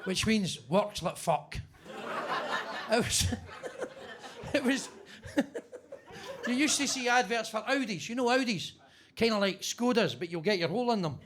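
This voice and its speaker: A man's voice: high-pitched, expressive, unhurried, pauses often, noisy background. A man doing stand-up crowd work in a basement comedy club, teasing audience members and swearing freely.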